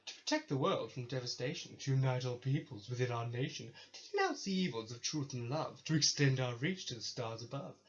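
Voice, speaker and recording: A man's voice: mid-range voice, brisk, hardly any pauses, lightly acted. Guy doing a cheesy cartoon baddie reciting a motto, over the top, slightly muffled mic. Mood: theatrical. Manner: hammy, declaiming impression. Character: theatrical cartoon villain duo reciting their motto.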